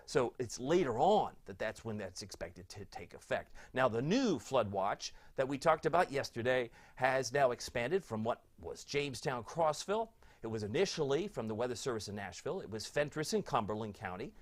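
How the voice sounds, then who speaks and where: Animated, chatty middle-aged weatherman. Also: medium pitch. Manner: chatty, sentimental, easily moved. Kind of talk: live weather chat reading viewer comments.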